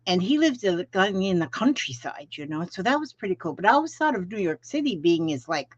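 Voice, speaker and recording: A woman's voice: on the low side, sing-song, fairly quick, hardly any pauses, dry recording. Woman, middle-aged, folksy rambling live-stream host, dull lo-fi sound, dry. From Florida. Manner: chatty, rambling, folksy, greets viewers by name. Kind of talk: casual live stream chat.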